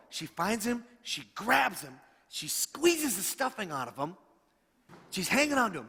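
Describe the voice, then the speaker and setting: A middle-aged pastor, slightly high-voiced, animated and unhurried with a breathy edge, preaches a storytelling sermon and voices the people in his tales. The sanctuary around him adds a long reverb.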